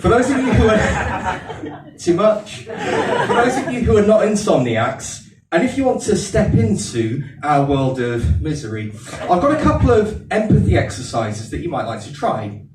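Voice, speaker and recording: Stand-up man, Aldershot accent, a little higher than most and very lively, self-mocking and chatty with the crowd, getting over a cold; heard from far off in an echoey room. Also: measured pace, music in the background. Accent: Aldershot English. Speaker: stand-up comedian. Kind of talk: stand-up comedy set. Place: comedy venue with a live audience. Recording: echoey room, distant mic, audience laughter.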